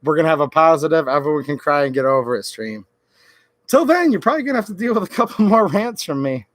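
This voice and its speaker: A man's voice: fairly high pitch, expressive, fast, no echo. A man from Michigan ranting sarcastically on a late-night political livestream. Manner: ranting, sarcastic, mocks senators in quoted voices. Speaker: political YouTuber.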